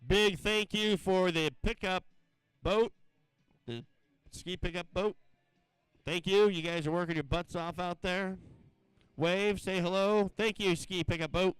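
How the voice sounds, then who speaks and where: A man's voice: high-pitched, steady tone, a little slow, pauses often, clear, resonant tone, no room sound, low-quality recording. A man co-announcing a water ski event live, friendly and chatty, thanking crews and calling out names.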